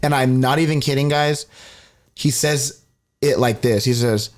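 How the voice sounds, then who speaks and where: A man's voice: medium pitch, fairly quick. A young man co-hosting a casual podcast, telling a story with lots of acted-out quotes and swearing. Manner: animated storyteller, acts out quotes, swears freely. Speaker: podcast co-host.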